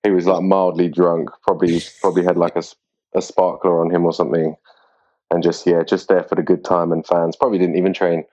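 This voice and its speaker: A man being interviewed as a grappling competitor, talking in a relaxed, rambling way with lots of fillers. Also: low voice, a little fast. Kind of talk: casual interview chat. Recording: dull lo-fi sound.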